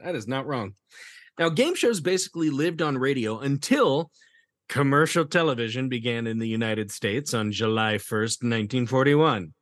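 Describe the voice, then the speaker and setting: A man's voice: mid-range voice, lively intonation, moderate pace, dry recording, studio quality. A man hosting a theater history podcast, chatting casually, laughing often and reading quotes aloud. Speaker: podcast host. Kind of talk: casual chat.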